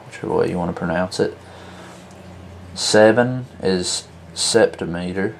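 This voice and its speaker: A man teaching a lesson, explaining slowly and methodically, counting out examples as he points to a board. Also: low voice, vocal fry, slight background noise. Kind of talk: explaining at a whiteboard.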